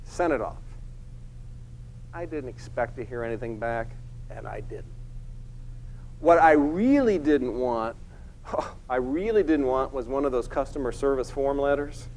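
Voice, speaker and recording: A man's voice: medium pitch, a little slow, pauses often, a little hiss or hum, low-quality recording. A middle-aged man giving a keynote talk, telling a personal story and acting out the people in it. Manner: animated, acts out the people in his story. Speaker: keynote speaker.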